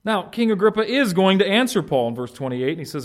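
A pastor preaching a conversational sermon, animated and informal, often restarting his phrases. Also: high voice, quick pace.

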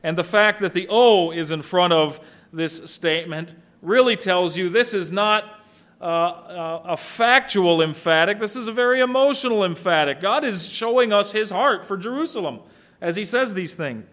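A man's voice: high-pitched, moderate pace, fairly bright tone. A middle-aged man preaching a sermon as pastor, emphatic, asking rhetorical questions of the congregation.

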